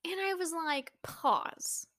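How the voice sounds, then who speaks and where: A woman's voice: very high-pitched, slow pace, a bit bright, no echo, studio quality. A young woman chatting casually to her viewers, telling a story with lots of fillers and anxious exclamations. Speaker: vlogger.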